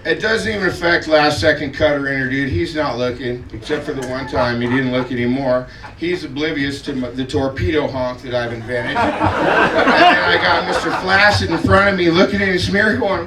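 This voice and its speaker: A man's voice: on the high side, moderate pace, a loud crowd, very noisy. A man doing a stand-up comedy set, telling a story and acting out the scenes. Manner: animated storytelling, acts out scenes. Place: comedy club stage. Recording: echoey club from far off, loud audience laughter.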